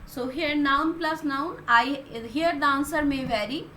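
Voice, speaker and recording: A high-pitched woman speaks. She teaches a grammar lesson slowly, walking through each word. The room echoes, with a faint hiss underneath. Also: bright, forceful tone. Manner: slow, explaining word by word. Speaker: English teacher. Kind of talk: recorded online class lesson.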